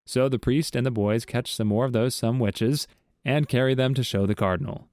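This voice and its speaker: A man narrating a series of jokes in an even, scripted storytelling read. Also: medium pitch, moderate pace, no echo, studio quality.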